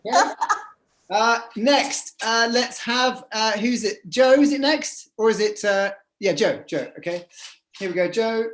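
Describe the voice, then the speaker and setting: A woman's voice: on the high side, unhurried, echoey room. A woman hosting a live online improv show over a video call, chatty and hesitant, full of fillers and restarts. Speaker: host.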